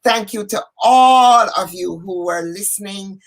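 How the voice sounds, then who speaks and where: A woman's voice: mid-range voice, measured pace, poor audio. A woman hosting an online community event, giving upbeat closing announcements. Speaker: event host.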